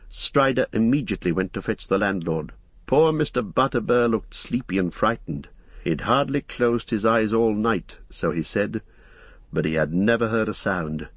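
A man narrating an audiobook in a measured, even storytelling manner. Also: lowish voice, slightly rough, no echo. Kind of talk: scripted narration.

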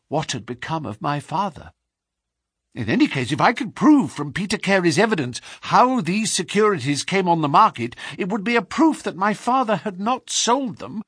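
A man's voice: high-pitched, a bit bright, slightly rough, no room sound, clean studio sound, pitched above the performer's own voice, exaggerated voice. A man reading an audiobook, voicing a frightened young suspect in a hesitant, pleading confession. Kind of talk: audiobook character voice.

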